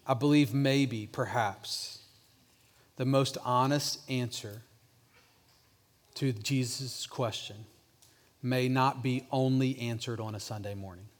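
A male pastor preaching a sermon, with restarts, dropping softer to voice a repeated question. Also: medium pitch, fairly even intonation, slow pace, pauses often. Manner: preaching with restarts, drops softer when voicing Jesus' question.

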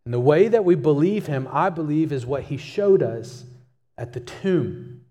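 A man's voice: on the high side, animated, a little slow, dark tone, long reverb tail. A male pastor preaching a sermon, emphatic and repeating key phrases for stress.

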